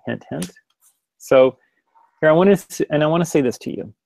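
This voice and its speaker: A man's voice: fairly high pitch, lively intonation, normal speed, vocal fry, dark tone. A man presenting a webinar in a casual, rambling way, full of restarts and direct questions to his listeners. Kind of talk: casual spoken webinar lecture.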